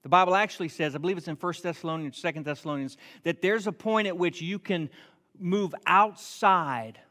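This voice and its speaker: A pastor with a slightly high voice preaches a sermon, telling a homey story in a lively, self-deprecating way. He slows down to drive his points home, and the sound has a big-room quality.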